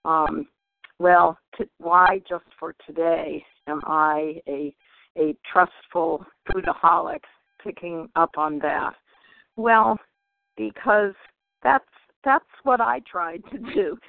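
A woman's voice: fairly low pitch, slow pace, vocal fry, no echo. A woman sharing at a twelve-step phone meeting in a chatty, wry way. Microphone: telephone. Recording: dry phone line.

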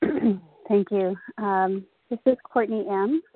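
A woman from Southwest Florida sharing her recovery story at a meeting, halting and emotional, with many pauses. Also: mid-range voice, husky, no room sound. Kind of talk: personal recovery share. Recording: tinny phone line.

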